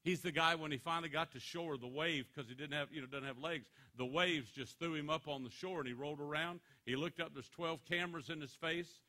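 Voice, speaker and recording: A man giving a motivational speech to students, telling stories in an animated, joking way. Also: fairly high pitch, a little fast, hardly any pauses. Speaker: motivational speaker.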